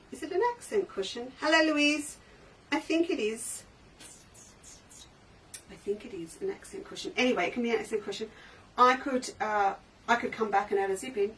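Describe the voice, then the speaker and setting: Woman, chatty live-stream seller, enthusiastic, slightly distant mic, faint background noise. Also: a little high. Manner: chatty, enthusiastic, trails off and restarts. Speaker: fabric shop owner hosting a live sale. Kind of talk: casual live-stream sales chat. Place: indoors in a sewing shop.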